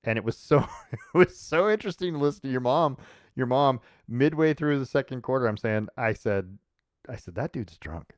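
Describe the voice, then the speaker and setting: A man's voice: mid-range voice, lively intonation, normal speed, smooth, no echo, clean studio sound. A man hosting a sports podcast, chatting casually and rambling with restarts and laughs.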